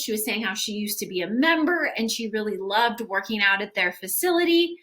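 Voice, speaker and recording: A woman's voice: on the high side, pushed and bright. A young adult woman giving a casual, upbeat lesson on sales follow-up, acting out sample text messages as she goes. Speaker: sales coach for gym owners. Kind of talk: instructional video talk.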